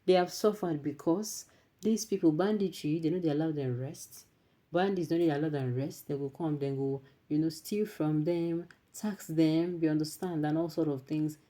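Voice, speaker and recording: A Nigerian-accented woman with a low voice presents news commentary at a normal speed. She mixes Pidgin into lively remarks and reads viewer comments aloud.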